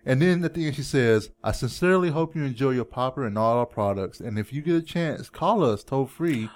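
A man's voice: medium pitch, lively intonation, a little fast. A man co-hosting a podcast in casual chat, playful and teasing, with a mid-range voice. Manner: playful, teasing, repeats jokes. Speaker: podcast co-host.

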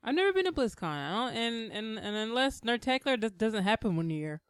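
Smooth-voiced teasing woman co-host. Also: on the high side, sing-song, brisk, no echo, studio quality. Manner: teasing, laughs often. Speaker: podcast co-host. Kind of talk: casual chat.

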